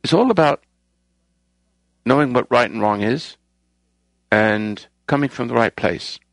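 A man's voice: mid-range voice, lively intonation, a little slow, no room sound. A man hosting a talk program, delivering a rambling, moralizing monologue and raising his voice to stress points. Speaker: radio show host.

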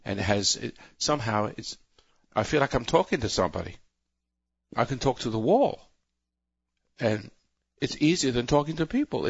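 A man's voice: mid-range voice, sing-song, normal speed, vocal fry, husky, dry recording, dull audio. A man hosting a call-in radio show, lecturing in a rambling, preachy way and often breaking off mid-sentence. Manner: rambling, self-interrupting, preachy. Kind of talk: talk radio monologue.

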